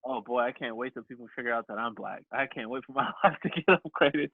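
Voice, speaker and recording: A man's voice: medium pitch, fast talker, creaky, slightly rough, no echo. A man co-hosting a podcast, chatting casually and jokingly, acting out little scenes. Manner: jokey, acts out little scenes. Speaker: podcast co-host. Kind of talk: casual comedic chat. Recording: dry, tinny phone-like sound.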